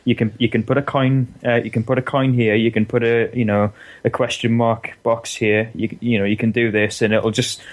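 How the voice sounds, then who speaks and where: A man's voice: medium pitch, flat delivery, normal speed. A man guesting on a podcast, explaining things at length in casual chat.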